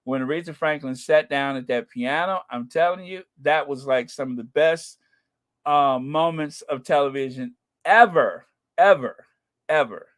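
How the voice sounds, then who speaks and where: A man hosting a casual live stream, gushing and excitable as he talks to viewers and reads their comments, with a runny nose and frequent throat-clearing. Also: on the high side, a little slow. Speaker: channel host.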